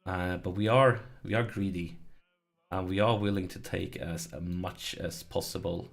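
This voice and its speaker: A man's voice: deep voice, fairly even intonation, measured pace, vocal fry. A man commenting on his strategy game as he plays, pleading with it and groaning when it goes wrong. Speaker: let's play host.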